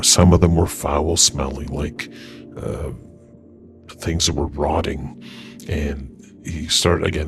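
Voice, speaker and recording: Very deep, gravelly male storyteller. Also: background noise. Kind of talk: paranormal story narration.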